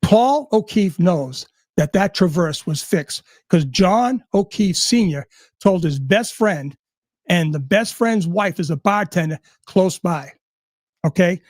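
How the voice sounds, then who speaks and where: A man's voice: high-pitched, animated, slow, a little mellow, no echo, clean studio sound. A man ranting angrily and sarcastically, swearing at almost every turn. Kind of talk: profane rant.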